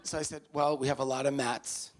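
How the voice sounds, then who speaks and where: A man's voice: mid-range voice, level tone, brisk. A man speaking to parents at a university, telling an anecdote and acting out both sides of the conversations. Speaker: university student affairs staff speaker. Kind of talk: storytelling talk to parents. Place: university venue, in front of parents.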